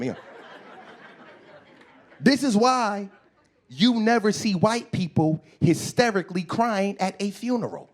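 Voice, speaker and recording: A man in his forties performing a stand-up comedy set. He is profane and animated, acts out voices and shouts his punchlines. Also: high voice, moderate pace. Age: 40s. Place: comedy club stage.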